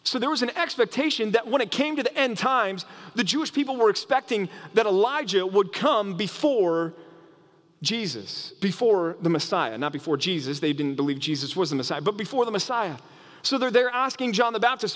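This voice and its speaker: A man preaching a sermon as pastor, in an animated way that often restarts phrases. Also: high voice, normal speed, big-room sound. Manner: animated, acts out quoted voices, frequent restarts.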